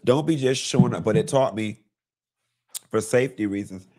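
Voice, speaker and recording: A man hosting a live celebrity gossip show, talking bluntly and sassily, with lots of cursing and animated storytelling. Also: lowish voice, moderate pace. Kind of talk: casual celebrity gossip commentary.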